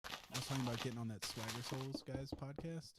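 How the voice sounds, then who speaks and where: A man's voice: mid-range voice, brisk, heavy background noise. A man hosting a podcast in casual chat, laughing often and swearing freely. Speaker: podcast host.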